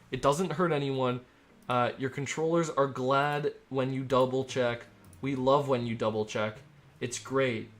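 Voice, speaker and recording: A man streaming himself as an air traffic controller. He talks in an upbeat, rambling way between crisp radio calls. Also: a little high, fairly bright tone. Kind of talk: live-stream commentary mixed with radio phraseology.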